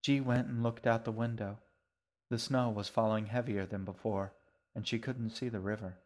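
A man narrating his own story in a calm, even way. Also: lowish voice, moderate pace. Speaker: author and narrator. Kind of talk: scripted narration.

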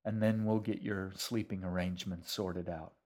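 A man's voice: low voice, steady tone, moderate pace, a little mellow. A man voicing a shaggy, wry man who talks in matter-of-fact grunts. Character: shaggy, wry older man, gruff but kindly.

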